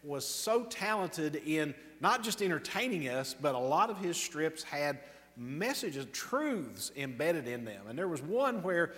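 A man preaching as pastor at an evening church service, in an earnest, warm manner, reading scripture aloud and praying softly. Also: a little high, sing-song, unhurried. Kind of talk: sermon. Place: church sanctuary. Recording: reverberant church hall.

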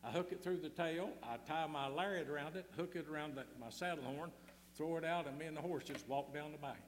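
A man's voice: fairly high pitch, fairly quick, long reverb tail, a little hiss or hum, natural voice. A man voicing a boastful Texan cowboy fisherman in a joke, drawling and bragging.

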